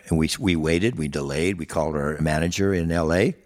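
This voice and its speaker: An older guitarist with a low voice talks fairly quickly as he casually recounts stories from his touring days. He rambles, restarts his sentences and acts out what people said.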